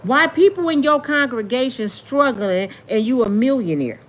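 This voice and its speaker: A woman's voice: high-pitched, expressive, normal speed. Indignant woman preaching her opinions. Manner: preachy, indignant, rhetorical questions, colloquial. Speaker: commentary vlogger. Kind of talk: casual commentary monologue.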